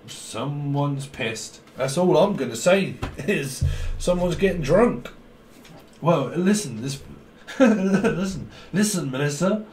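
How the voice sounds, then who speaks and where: A man's voice: fairly high pitch, lively intonation, takes it slowly, darkish tone, reverberant, a little hiss or hum. A man doing a tarot reading, rambling and jokey, often giggling. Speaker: tarot reader.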